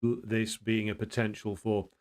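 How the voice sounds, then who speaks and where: Low smooth-voiced man hosting a livestream. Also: flat delivery. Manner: thinks aloud with frequent pauses and restarts; blunt, opinionated. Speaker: livestream host. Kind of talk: casual livestream chat, greeting viewers and answering comments.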